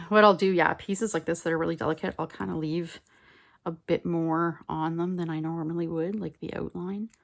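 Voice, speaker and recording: Woman crafting at home, casual rambling chat, slightly deep with a touch of vocal fry. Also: fairly even intonation, normal speed. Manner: chatty and rambling, mutters softly to herself while working. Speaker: collage artist. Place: home craft table, indoors. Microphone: phone on a mount.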